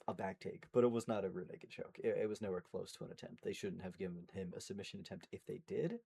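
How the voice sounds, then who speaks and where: A young man talks through a fight card in a loose, rambling way, swearing freely and cutting himself off mid-sentence. His voice sits fairly low. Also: fast, creaky, hardly any pauses, mellow, breathy edge. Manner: profane, rambling, self-interrupting. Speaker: MMA commentary YouTuber. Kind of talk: casual fight recap monologue.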